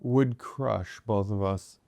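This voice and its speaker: A young man co-hosting a casual comedy podcast, joking with a deadpan tone and laughing often. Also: fairly low pitch, slow pace, gravelly. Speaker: podcast co-host.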